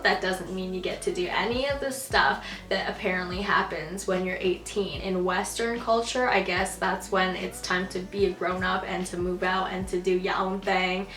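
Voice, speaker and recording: A woman's voice: mid-range voice, fairly bright tone. Sassy young woman vlogging in an echoey room. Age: 20s. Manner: sassy, emphatic, casually profane. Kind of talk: casual to-camera comedy vlog. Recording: roomy echo.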